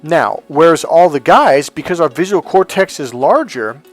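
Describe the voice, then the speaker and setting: Guy coaching dudes on dating, blunt, swears a lot, kinda high voice, little music in the back. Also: expressive, moderate pace. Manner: blunt, profane, acts out quotes. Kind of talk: casual coaching monologue.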